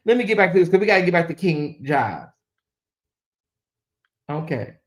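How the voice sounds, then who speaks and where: Animated woman streaming gossip commentary. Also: lowish voice, normal speed. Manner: animated, repeats questions, swings from muttering to exclaiming. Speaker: commentary channel host. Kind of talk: casual live-stream commentary.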